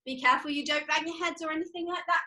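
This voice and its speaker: Speaking very fast with fairly even intonation, this young woman has a high, pushed and bright voice. She's a preschool educator guiding kids through exercises on video, counting along in a cheerful sing-song.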